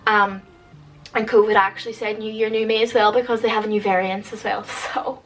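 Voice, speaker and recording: A woman's voice: medium pitch, level tone, fairly quick, a bit bright, faint music behind. Exasperated young woman ranting, distant mic. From United Kingdom. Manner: rambling and exasperated, heavy use of "like". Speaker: vlogger. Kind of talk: casual rant to camera. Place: at home.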